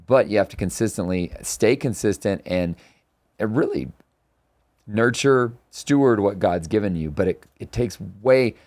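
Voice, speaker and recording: A man's voice: on the low side, lively intonation, a little slow, darkish tone, no room sound. A middle-aged man hosting a casual faith-based conversation, earnest and reflective, telling anecdotes with quoted dialogue. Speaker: podcast host and author.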